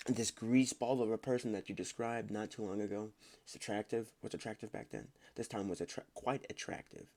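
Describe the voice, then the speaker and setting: A man's voice: on the low side, creaky, darkish tone. A man reading online stories aloud in a casual way, stumbling over words and breaking off to comment on his own reading.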